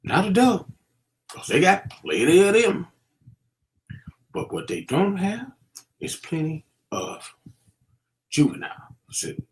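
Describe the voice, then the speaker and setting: A middle-aged man lectures young people in a casual commentary. His voice sits a little high for a man, and he leans on street slang and plenty of fillers as he warns them. The tone is preachy and streetwise. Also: huge pitch swings, unhurried, long pauses. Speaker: vlogger.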